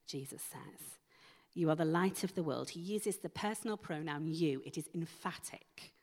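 A woman preaching a sermon, asking slow, emphatic rhetorical questions. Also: lowish voice. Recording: long hall reverb.

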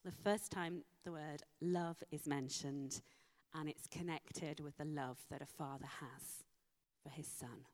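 A woman preaching a sermon, slow and emphatic with dramatic pauses. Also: low voice, fairly even intonation, darkish tone. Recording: long hall reverb.

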